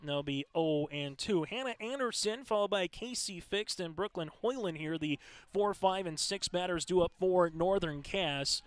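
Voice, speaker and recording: A man calling live high school softball play-by-play in a steady, conversational way, filling pauses with stats and lineup notes. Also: clear, resonant tone, no room sound. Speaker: play-by-play announcer. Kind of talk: live sports commentary.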